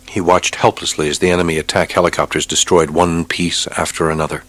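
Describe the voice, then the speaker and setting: A man narrating an audiobook with a steady, measured reading. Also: low voice, no room sound. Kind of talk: scripted narration.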